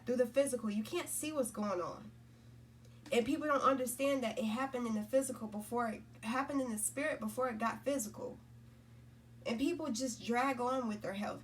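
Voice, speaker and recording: A woman's voice: on the high side, recorded from a distance, slight background noise. A woman giving a casual spiritual talk, rambling and repeating herself, often checking in with "right?" and "you know?". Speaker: spiritual content creator.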